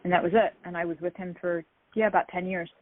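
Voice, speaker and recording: A woman's voice: on the low side, quick pace, no echo. Woman telling stories over a tinny line. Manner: lively anecdotal, acts out quoted dialogue. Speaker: interview guest, martial artist. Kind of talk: casual storytelling interview. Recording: tinny phone-like dry sound.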